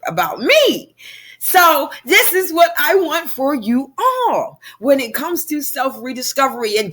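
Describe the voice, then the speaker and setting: A woman's voice: mid-range voice, fairly bright tone. A woman directing a personal growth class, talking in an emphatic, repetitive, preacher-like way. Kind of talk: motivational personal talk.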